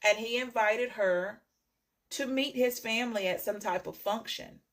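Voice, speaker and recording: A woman's voice: on the high side, a little slow. A woman tarot reader telling a story to her viewers in a chatty way, often checking in with "okay?" and repeating phrases.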